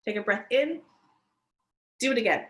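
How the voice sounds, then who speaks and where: A woman teaching a chair yoga class, giving gentle, cheerful instructions and laughing often. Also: a little high, expressive, normal speed. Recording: echoey room.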